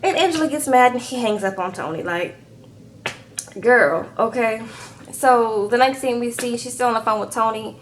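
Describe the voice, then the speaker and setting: A woman recapping a reality show in a chatty, animated way, talking straight to her viewers. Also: medium pitch, a little hiss or hum. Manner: animated, chatty, keeps calling viewers "girl". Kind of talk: casual chat recap.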